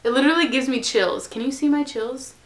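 Woman, haul vlog, gushing and bubbly, bit high voice, dips into whispers, recorded in her bedroom. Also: fairly quick. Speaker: haul vlogger.

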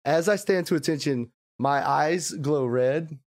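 A man playing a tabletop game, describing his character's actions haltingly. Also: on the high side. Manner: halting, tentative. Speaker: player. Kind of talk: casual tabletop game chat.

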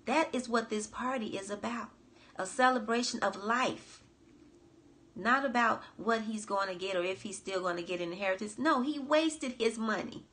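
A loving older father, voiced by a woman telling a Bible story urges his son to join the celebration. He coaxes gently and happily, his voice lifted higher than her normal speech. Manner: coaxing, celebratory. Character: loving father, older man, warm and forgiving.

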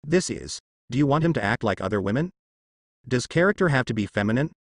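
A man's voice: mid-range voice, animated, fast talker, dry recording, studio quality. A man voicing a grim young ninja. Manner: cold, determined muttering. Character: young vengeful ninja, boy turned girl.

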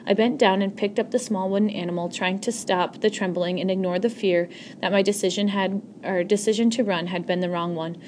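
Brief: woman, middle pitch, earnest novel reading, frequent slips and restarts. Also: fairly even intonation, a little fast, a little mellow, a little hiss or hum. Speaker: audiobook reader.

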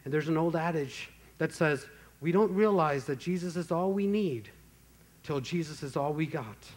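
Earnest preaching man, slightly high voice. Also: a little mellow. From Texas, USA. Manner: earnest preaching with slow emphatic phrases and rising intensity. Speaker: pastor. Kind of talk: sermon.

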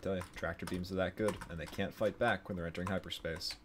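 A man's voice: low voice, fairly even intonation, quick pace, noisy background. A man streaming a game, reading its story text aloud, stumbling over words and correcting himself with casual asides.

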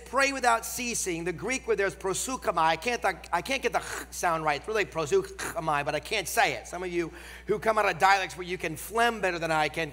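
Nasal man with a Northern American accent preaching in a large church; emphatic, slows on key lines, bright edge, reverberant hall. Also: high-pitched. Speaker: guest preacher. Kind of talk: sermon.

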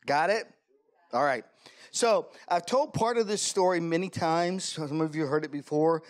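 A male pastor preaching a sermon, telling a story in an animated way with self-deprecating humor. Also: on the high side, normal speed. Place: church sanctuary.

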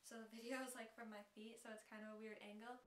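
Giggly high-voiced young woman in a car. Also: little pitch movement, fast. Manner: giggly, rambling, chatty. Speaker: vlogger. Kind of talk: casual chat to camera. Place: inside a moving car. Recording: car road noise behind.

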